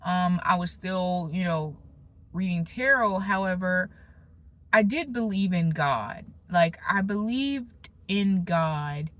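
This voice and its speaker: Animated young woman giving a testimony. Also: slow pace. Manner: emphatic, conversational, with slangy asides and restarts; swings between animated bursts and hushed, low moments. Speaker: faith vlogger. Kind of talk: casual spoken testimony.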